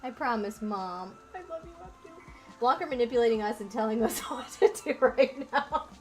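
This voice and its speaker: Giggly streamer lady joking around, bit high voice, faint music. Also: lively intonation, normal speed. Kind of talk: casual chat.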